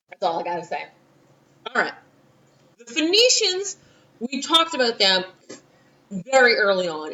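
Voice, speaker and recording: A woman teacher from Louisiana with a New Orleans accent gives a recorded history lesson for a class, chatty and full of asides and quoted voices. Her medium-pitched voice is bright and forceful, captured by a distant mic in a muffled recording.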